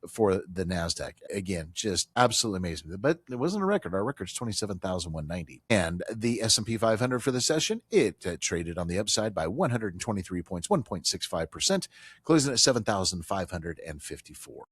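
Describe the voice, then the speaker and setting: A man's voice: deep voice, expressive, fairly quick, slightly rough, no room sound. A man hosting a financial talk radio show, speaking emphatically and repeating his key points, with some casual banter with a colleague.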